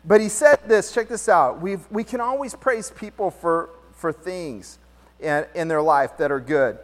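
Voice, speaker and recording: A man's voice: high-pitched, unhurried. Slangy man preaching in a reverberant hall. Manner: lively, slangy, storytelling preacher. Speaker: pastor. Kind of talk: conversational sermon. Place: church hall.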